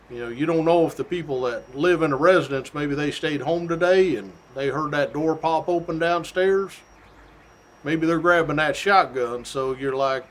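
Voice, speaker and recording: A middle-aged state trooper telling a story from his job in a casual, animated way, laughing often. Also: on the high side. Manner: animated, laughs often, folksy drawl-like phrasing.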